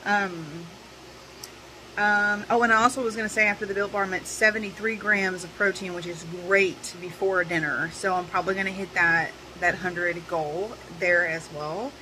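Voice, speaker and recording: Bright-voiced woman chatting through her day, casual vlog, lots of ums, a little background noise. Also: mid-range voice, fairly even intonation, normal speed. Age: middle-aged. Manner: chatty, rambling, many ums; hushed, half-whispering in bed. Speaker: vlogger. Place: bedroom, in bed.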